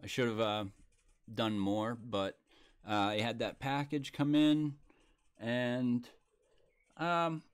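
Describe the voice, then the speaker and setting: A man hosting a casual live stream, chatting loosely and reading viewer comments out loud. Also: mid-range voice, steady tone, slow, pauses often, clean tone. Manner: laid-back, reads viewer comments aloud.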